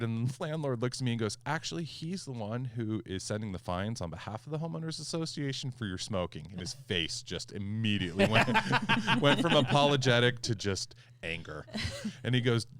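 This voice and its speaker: A man hosting a podcast, a property manager telling a story in a casual, animated way and acting out the quoted back-and-forth. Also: medium pitch, a little fast. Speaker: HOA manager and podcast host.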